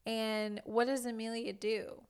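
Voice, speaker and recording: A woman's voice: fairly high pitch, flat delivery, measured pace, smooth. A woman co-hosting a podcast, giggly and gushing in a casual movie review chat. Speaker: podcast co-host.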